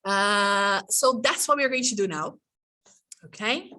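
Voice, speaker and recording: A woman runs an online teacher workshop, speaking slowly and coaxing her listeners through exaggerated mouth sounds. Her voice sits a little away from the mic on a video call, at an ordinary pitch. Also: sharp tone, far from the mic. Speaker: teacher trainer.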